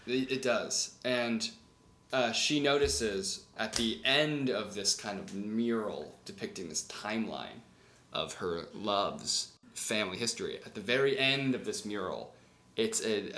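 Lively, bright-voiced man retelling a story. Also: fairly low pitch, unhurried. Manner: animated, swears, acts out scenes with sound effects. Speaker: podcast co-host retelling a story. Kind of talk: casual storytelling. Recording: roomy echo.

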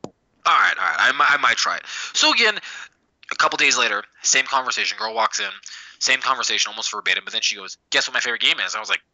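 A young man talks quickly in a bright, lively, casual podcast voice. His pitch leaps around as he acts out the people in his stories and swears freely. The recording is dry and a little dull and lo-fi. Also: creaky, no echo. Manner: animated, profane storytelling with voiced impressions. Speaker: podcast co-host.

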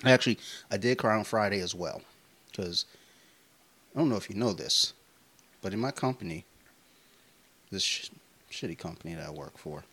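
A man in his thirties co-hosting a podcast, telling stories in a casual, profane, animated way. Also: low-pitched. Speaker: podcast co-host. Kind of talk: casual chat.

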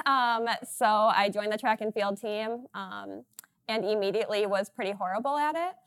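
A woman from Minnesota speaks as a runner guest on a panel. Her talk is quick and casual, full of laughs and self-deprecating asides. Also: medium pitch.

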